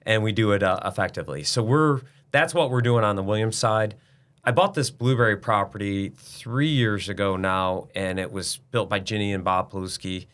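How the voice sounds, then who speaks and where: A man's voice: fairly low pitch, normal speed, a bit bright. A middle-aged man, a business owner guest, talking bluntly and emphatically in a casual interview, now and then swearing.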